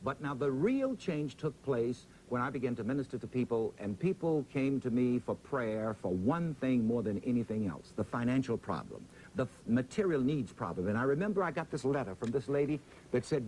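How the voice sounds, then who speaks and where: Male preacher, interview guest; animated pitch, slow dramatic emphasis, faint rumble. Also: poor audio. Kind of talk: interview answers, preacherly storytelling.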